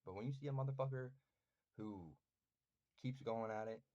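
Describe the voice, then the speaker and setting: A man's voice: medium pitch, normal speed, mellow, dull audio. A man in a casual vlog, ranting intensely and angrily with constant profanity. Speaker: vlogger.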